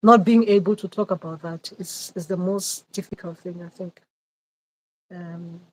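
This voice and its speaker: A woman hosting a casual livestream chat as a spiritual advisor, speaking outdoors. She talks in a hesitant, reflective way, with many pauses and repeated phrases. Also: lowish voice, steady tone, slight background noise, low-quality recording.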